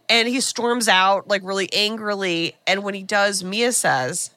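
Bright-voiced chatty woman podcast host. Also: mid-range voice, dry recording. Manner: animated, chatty, full of "like" and quick asides. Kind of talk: casual chat recapping a film.

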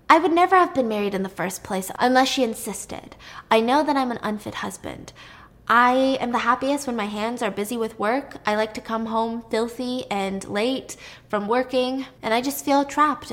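A woman's voice: a little high, moderate pace, natural voice. A woman voicing a weary, devoted craftsman father who speaks earnestly and confidingly.

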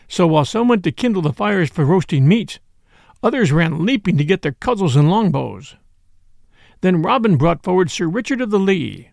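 A man narrating an old-fashioned tale in an expressive storybook style. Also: high-pitched, moderate pace, gravelly, no room sound, clean studio sound.

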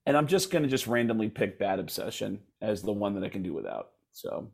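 A man's voice: fairly low pitch, very animated, a little fast, creaky, darkish tone, husky. A man hosting a casual chat, rambling with lots of fillers and laughs.

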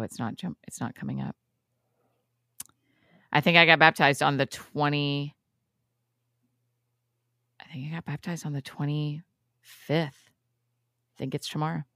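A woman co-hosting a podcast in casual chat, chatty, with quick asides and frequent laughs. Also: sits low, sharp tone, clean tone, no echo, studio quality. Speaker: podcast co-host.

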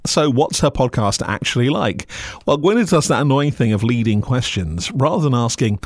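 A man's voice: mid-range voice, animated, moderate pace, no echo, studio quality. A man hosting a podcast, narrating scripted reviews in a sardonic, mocking way. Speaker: podcast critic host.

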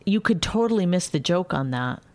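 A woman co-host who teases and scolds her partner in lively casual chat, on a close studio mic. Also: on the low side, normal speed, dry recording. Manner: teasing, exasperated, lively.

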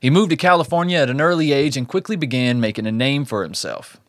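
A man's voice: medium pitch, lively intonation, fast, no echo, studio quality. A man hosting a true crime podcast, reading the case and breaking off for joking asides. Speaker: podcast host.

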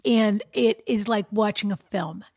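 A woman's voice: mid-range voice, measured pace, a little mellow, husky, no room sound. A woman co-hosting a podcast, chatting casually in an easy mid-range voice. She teases her co-host and laughs often, recorded close and dry with no room sound. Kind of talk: casual chat.

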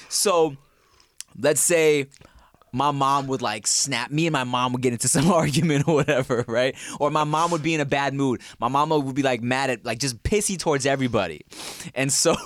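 A man co-hosts a loose podcast chat, laughing through his stories and shouting out answers. His voice sits a bit high and swings widely. The sound is dry and close. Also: no echo. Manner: animated, laughs a lot, shouts "no!" while guessing. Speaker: podcast co-host. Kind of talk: casual chat.

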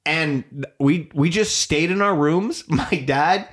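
A man's voice: fairly high pitch, slow pace, a bit bright. A man co-hosting a podcast, telling a family story in casual chat, laughing often and swearing freely. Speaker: podcast co-host.

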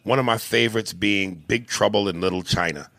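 A man's voice: fairly low pitch, a little fast, fairly bright tone, dry recording. A man co-hosting a casual comedy podcast, reading listener emails, swearing freely and slipping into silly voices. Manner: swears freely, slips into silly put-on voices and sung bits.

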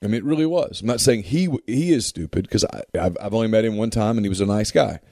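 A man with a low, mellow voice, holding forth on a sports talk show. He talks emphatically, repeating phrases to drive his points home. The sound is dry and close. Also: fast talker, dry recording.

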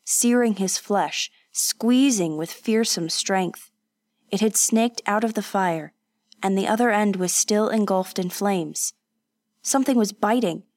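A woman narrating a story in a steady, measured audiobook reading. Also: medium pitch, no echo, clean studio sound.

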